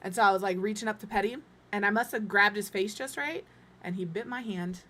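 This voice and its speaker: A woman's voice: medium pitch, brisk, a bit bright. Chatty woman streaming a building game. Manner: chatty, self-deprecating, talks to her cat and chat. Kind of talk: casual live-stream chat. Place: home room.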